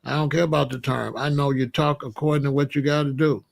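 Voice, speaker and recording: A man's voice: medium pitch, steady tone, quick pace, creaky. A middle-aged man from the United States telling a story in a casual monologue, repeating phrases for emphasis. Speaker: commentator.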